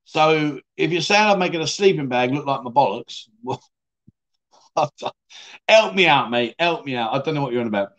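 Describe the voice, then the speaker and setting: A middle-aged man from the United Kingdom hosts a relaxed livestream, reading out what viewers write with cheeky, self-deprecating jokes and plenty of laughter. His mid-range voice is animated and a bit bright, at a normal speed.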